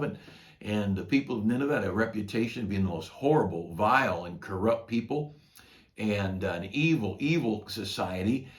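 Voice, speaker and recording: Older male pastor, folksy and low-voiced. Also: animated, normal speed. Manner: folksy, conversational storytelling. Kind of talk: devotional talk retelling a Bible story.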